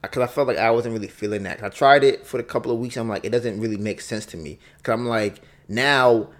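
A man's voice: medium pitch, brisk. A man hosting a podcast alone, talking through his thoughts in a casual, reflective way, often repeating himself and acting out both sides of an argument. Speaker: podcast host. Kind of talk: solo casual monologue.

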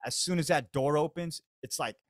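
A man's voice: fairly high pitch, normal speed, no echo, studio quality. An American man hosting a podcast, telling a comedic story in slangy, profane, laid-back talk. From United States. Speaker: podcast host.

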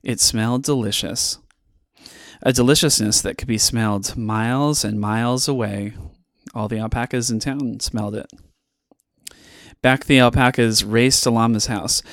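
A man hosting a podcast, reading a children's storybook aloud in an expressive, playful way with dramatic pauses. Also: mid-range voice, dry recording, studio quality.

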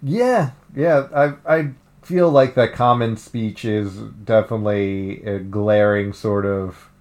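A man's voice: on the low side, slow, darkish tone. Laughing, rambling podcast guy. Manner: rambling, laughs often, many fillers. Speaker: podcast co-host. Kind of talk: casual chat. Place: living in Japan.

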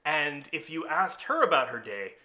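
A man with a very bright, sharp-edged voice, talking in a casual, explanatory way. He tells stories with lively energy and breaks into chuckles often. His pitch sits a little high for a man. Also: normal speed. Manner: animated storyteller, chuckles often. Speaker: host explaining personality types.

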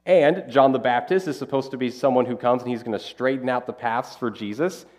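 A man preaching a conversational, animated Bible-teaching sermon as pastor. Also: mid-range voice, brisk.

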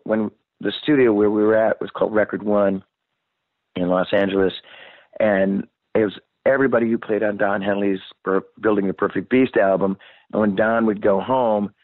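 Rock singer, man, 60s, low voice, rambling, profane storyteller, dry phone-quality audio. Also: no echo. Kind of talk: casual storytelling interview. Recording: dry, phone-like narrow sound.

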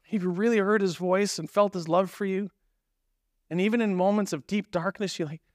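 High-voiced conversational preacher. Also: male voice, fairly even intonation, brisk, dry recording, clean studio sound. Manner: conversational, emphatic storytelling with acted asides. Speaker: pastor. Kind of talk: sermon.

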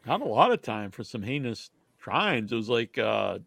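A man's voice: medium pitch, sing-song, moderate pace, vocal fry, fairly bright tone, no room sound. A man co-hosting a wrestling podcast, making irreverent jokes in casual chat. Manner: irreverent, joking. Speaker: podcast co-host.

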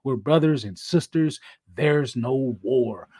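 A man's voice: mid-range voice, takes it slowly, dark tone, husky. A man co-hosting a casual wrestling podcast, playful and joking, laughing often. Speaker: podcast co-host.

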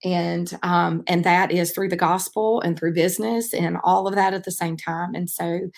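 Woman hosting her podcast, kinda low voice, earnest and rambly, lots of ums. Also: little pitch movement, normal speed, vocal fry. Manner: earnest, rambling, frequent "um" fillers. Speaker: podcast host and track coach. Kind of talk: casual faith-based podcast monologue.

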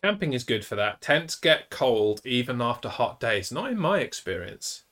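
A man's voice: mid-range voice, big pitch swings, normal speed, a bit bright. Crude joking man. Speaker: stream co-host. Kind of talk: casual chat.

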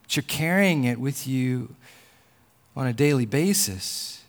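A man's voice: mid-range voice, animated, takes it slowly. A man preaching a sermon in an earnest tone, often repeating phrases. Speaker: pastor.

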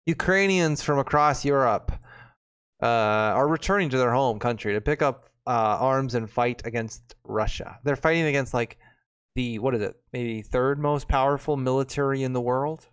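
A man's voice: medium pitch, moderate pace, clean tone. A male host reading news aloud in casual chat, breaking off for joking, sarcastic asides.

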